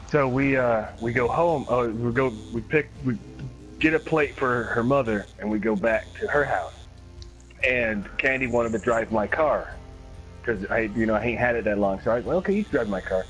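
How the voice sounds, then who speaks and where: A man's voice: medium pitch, fairly even intonation, moderate pace, fairly bright tone, faint music behind, poor audio. Profane man telling laughing anecdotes. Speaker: gaming streamer. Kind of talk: casual storytelling while gaming.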